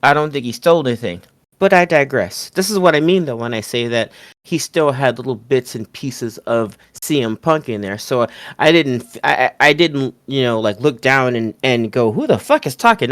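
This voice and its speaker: Animated, profane man hosting a podcast. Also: medium pitch, no room sound. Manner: animated, swears freely, laughs often. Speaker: podcast host. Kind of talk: casual wrestling review chat.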